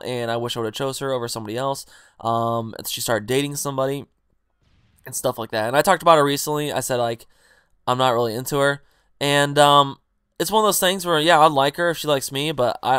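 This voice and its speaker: A man's voice: medium pitch, clean tone, dry recording, clean studio sound. Profane young man telling a story. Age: young adult. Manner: rambling, profane, animated retelling with quoted dialogue. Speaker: vlogger. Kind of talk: casual storytime vlog.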